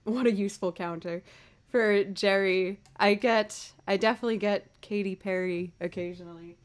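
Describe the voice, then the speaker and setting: A woman's voice: mid-range voice, fairly even intonation, normal speed. A woman from Massachusetts hosting a live music stream, chatting casually between songs and telling a story with a laugh. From United States, Massachusetts.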